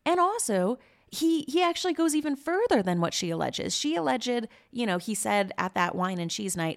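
A woman's voice: fairly high pitch, sing-song, moderate pace, vocal fry. A woman hosting a podcast in casual, indignant and sarcastic commentary, swearing freely. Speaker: podcast host.

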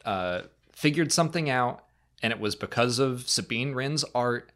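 A man co-hosting a casual fan podcast, talking through questions and often slipping into quick, playful impressions. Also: mid-range voice. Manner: animated, jumps into funny impressions. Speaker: podcast co-host.

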